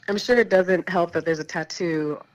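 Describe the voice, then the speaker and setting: A woman's voice: lowish voice, dull audio. Stuffy-voiced giggly young woman. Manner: giggly, laughs often. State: stuffy from bronchitis. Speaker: guest fighter. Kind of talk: casual podcast chat.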